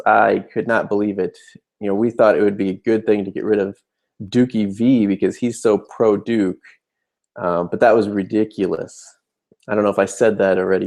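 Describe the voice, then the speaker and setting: Young adult male fan vlogger, low gravelly voice, rambling, fired-up recap rant. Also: a little mellow. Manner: fired-up, rambling, many fillers. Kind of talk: casual game recap rant.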